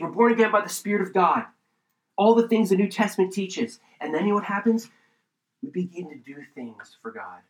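A man teaches through scripture in a lively preaching style, breaking into asides. His voice sits a little high, and the room around him is echoey. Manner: animated, preacherly, with asides and rising excitement. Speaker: pastor. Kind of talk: sermon, Bible teaching.

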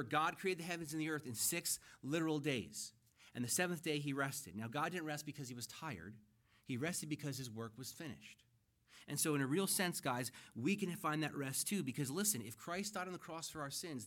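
A man's voice: mid-range voice, fairly bright tone. A middle-aged man preaching a sermon to his church, earnest and conversational, building emphasis as he explains scripture. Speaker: pastor. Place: church sanctuary.

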